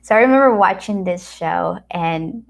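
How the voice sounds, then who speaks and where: A woman from America, giving a motivational talk full of personal anecdotes, acting out what people said and sometimes dropping to a soft whisper. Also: on the low side, moderate pace, creaky. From Latin America. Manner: animated storyteller acting out quoted dialogue. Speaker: speaker at a wellness retreat center.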